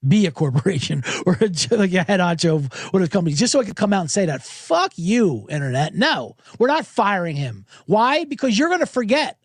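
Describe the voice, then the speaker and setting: A man's voice: high-pitched, very animated, brisk, few pauses, no echo, clean studio sound. A middle-aged man hosting a podcast, ranting in a sarcastic comedic monologue and swearing freely. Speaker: podcast host.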